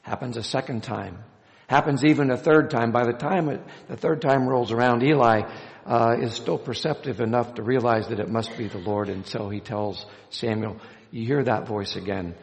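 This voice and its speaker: A man's voice: medium pitch, normal speed, gravelly. A man reading scripture aloud and then preaching a sermon as pastor, telling stories and acting out the quoted lines. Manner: storytelling, acts out quoted lines with a raised voice; hesitant restarts with uh. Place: church sanctuary. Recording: long reverb of a church hall.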